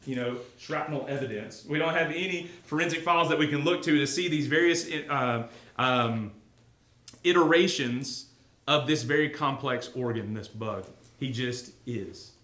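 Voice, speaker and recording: A man teaches a class in a casual, talkative way, asking his listeners questions as he goes. His voice sits at a middle pitch. The room is echoey. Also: moderate pace, fairly bright tone. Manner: conversational, asks the class questions, many fillers. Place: classroom or church hall.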